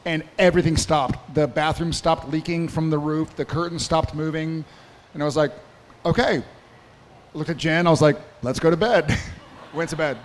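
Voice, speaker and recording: A man on a convention panel telling a rambling, animated story, with restarts and swearing. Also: on the high side, normal speed, big-room sound, a little hiss or hum. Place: convention hall stage.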